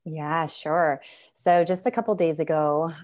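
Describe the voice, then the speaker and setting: Low-voiced woman in her thirties, podcast guest, candid storyteller. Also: measured pace. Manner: candid, animated storytelling with laughs and fillers. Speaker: life and parenting coach, guest.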